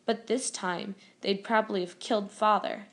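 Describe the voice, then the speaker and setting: A woman putting on a frightened, defiant young boy. He blurts his words out frantic and breathless, pitched higher and louder than the narration around him. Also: fairly even intonation, normal speed, natural voice. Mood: angry.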